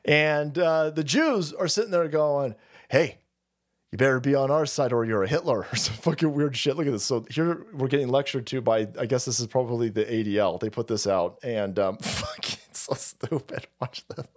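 A man's voice: mid-range voice, moderate pace, hardly any pauses. A middle-aged man hosting a live stream, ranting casually and with heavy profanity, rambling and calling his viewers boys. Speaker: streamer host.

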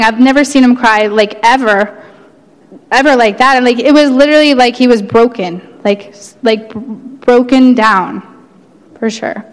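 Woman, thirties, church testimony, fairly high voice, casual and frank, long hall reverb. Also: steady tone, moderate pace. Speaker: church speaker sharing a personal testimony. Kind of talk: personal testimony before a congregation. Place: church sanctuary.

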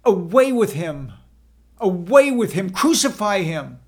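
A man voicing an angry crowd of chief priests, shouting demands in a scripture drama. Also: sits high, animated, slow pace, gravelly, heavily acted.

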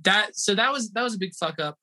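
A man in his thirties, a guest musician on a podcast, telling a tour story in a loose, animated way, laughing and acting out the voices of people in it. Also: sits high, fairly quick. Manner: animated, acts out quoted voices, laughs often. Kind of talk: casual storytelling.

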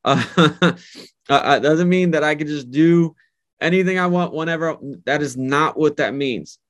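A man's voice: on the high side, a little slow, fairly bright tone. A man preaching a sermon and leading a prayer, earnest and emphatic, often repeating his words. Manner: earnest, repetitive, emphatic phrasing. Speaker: pastor.

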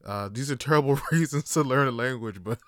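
A young man hosting a casual solo podcast, telling slangy, animated stories and laughing often. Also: mid-range voice, a little slow, no room sound, studio quality. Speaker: podcast host.

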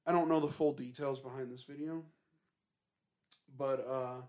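A man's voice: medium pitch, steady tone, measured pace, darkish tone. A young man co-hosting a podcast in casual chat, rambling along with lots of ums and uhs in a laid-back way. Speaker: podcast co-host. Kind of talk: casual chat about ghost recordings.

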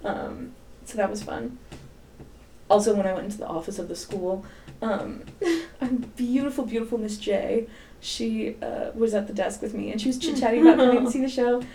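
A woman's voice: on the high side, fairly quick, a little hiss or hum. A young woman co-hosting a casual podcast, telling stories with lots of swearing and acted-out quotes. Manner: animated storyteller, swears, acts out quotes. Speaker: podcast co-host, middle school teacher. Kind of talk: casual chat.

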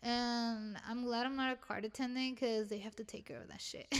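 A young woman with a thick Mexican Spanish accent talks in loose, rambling casual chat. She swears often and pokes fun at herself. Her voice sits somewhat high. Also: fairly even intonation, moderate pace. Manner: rambling, swearing, self-deprecating. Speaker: retail worker.

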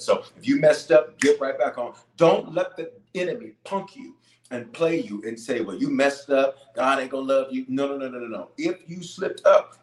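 Man, bishop, live prayer stream, viewer Q&A, energetic, emphatic, repeats himself, average pitch, reverberant room. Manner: energetic, greets viewers by place, emphatic repetition. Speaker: bishop leading online prayer. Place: room at home base near Denver.

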